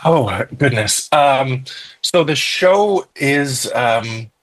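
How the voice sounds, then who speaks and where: A man's voice: mid-range voice, animated, drawn-out words, rough recording. A man interviewed as a comedian guest, chatty, with stumbling restarts and laughs. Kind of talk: interview answers.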